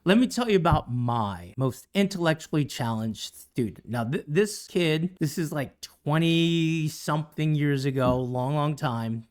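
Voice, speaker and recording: Woman, middle-aged, teacher podcast co-host, chatty storytelling, teasing, slightly low voice. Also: expressive, a little slow, hardly any pauses, a little mellow. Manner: chatty, teasing, puts on voices for quoted people. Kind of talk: casual storytelling chat.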